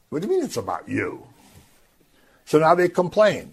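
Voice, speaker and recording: Guy teaching bible stuff, husky voice, swings his pitch all over. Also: normal speed, long pauses. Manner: animated, acts out voices of the crowd. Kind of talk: scripture teaching.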